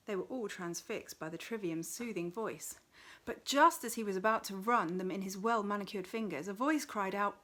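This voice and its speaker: A woman reading a novel aloud in an expressive storytelling manner. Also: medium pitch, moderate pace. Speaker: reader.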